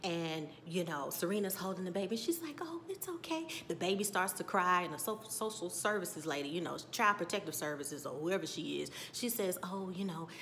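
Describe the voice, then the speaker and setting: A woman giving a casual, animated TV episode recap, chatty and sassy as she acts out scenes. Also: fairly low pitch, fairly quick, hardly any pauses, a little hiss or hum. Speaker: TV recap vlogger.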